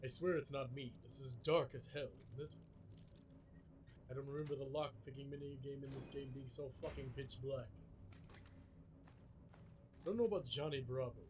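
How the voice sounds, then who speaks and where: A deep, smooth male radio announcer, played by a man streaming a game, dropping his voice as low as it will go and stretching out each word in a manly drawl. It is a deliberate, exaggerated put-on. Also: a little mellow, slight background noise, lightly acted. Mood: mock-serious.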